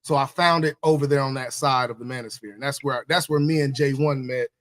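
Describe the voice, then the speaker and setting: A man's voice: mid-range voice, fairly even intonation, fairly quick, fairly bright tone. A man hosting a casual livestream chat, laid-back and repeating his phrases. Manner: laid-back, repeats phrases, says "you know what I'm saying". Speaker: livestream host.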